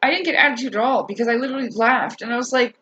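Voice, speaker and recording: A woman telling a story in a casual rant to her viewers, animated, swearing and laughing as she talks. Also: fairly high pitch, very fast, highs cut off, slight background noise. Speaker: vlogger.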